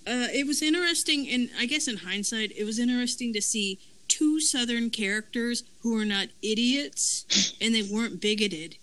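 A woman hosts a casual review chat with a bright, forceful tone. She rambles and restarts her sentences as she goes, in a loose, conversational way. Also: a little high, moderate pace, low-quality recording. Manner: rambling, self-correcting, chatty. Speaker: podcast host.

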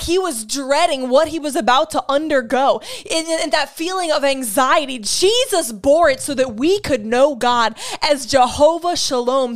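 High-voiced woman giving an earnest sermon. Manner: earnest and emphatic, repeats key phrases; shares personal testimony with feeling. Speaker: Bible teacher. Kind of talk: teaching sermon.

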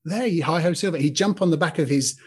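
A man's voice: on the high side, fast talker, a little mellow, slightly rough. A man in his fifties hosting a podcast, giving an earnest, informal Christian talk and speaking straight to listeners by name. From Britain. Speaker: podcast host.

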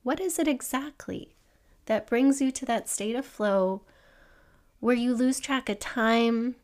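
Woman podcast host, somewhat high voice, earnest and encouraging, reflective solo talk. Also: takes it slowly. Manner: earnest, gently encouraging, asks the listener questions; acts out an excited child in a higher voice.

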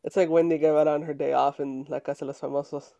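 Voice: medium pitch, flat delivery, racing, gravelly, mellow, no room sound, lo-fi sound. A podcast co-host in casual chat who gives short agreeing replies and playful teasing.

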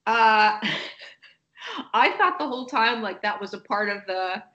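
A woman telling a personal story in a casual interview, animated and acting out other people's lines. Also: fairly high pitch, slow, dull audio. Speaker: guest.

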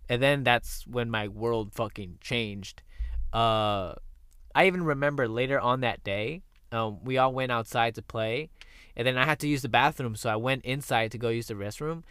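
A man's voice: mid-range voice, a bit bright, clean tone, dry recording, clean studio sound. A young man hosting a podcast, telling stories in a candid, profane, casual chat. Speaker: podcast host.

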